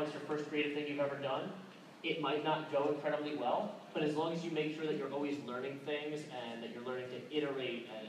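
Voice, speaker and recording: Chatty man in an echoey hall. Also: a little high. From Tennessee, USA. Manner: loose and chatty, many filler "uh"s and restarts. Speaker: convention panel speaker. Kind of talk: casual presentation. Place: convention talk room. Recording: echoey room recorded from far off, background noise.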